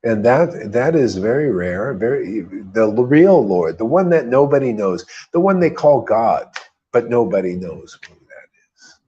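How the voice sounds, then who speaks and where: A man's voice: mid-range voice, very animated, unhurried, warm tone, husky, muffled recording. A man leading a devotional group, giving an informal spiritual talk full of emphatic repetition and rhetorical questions.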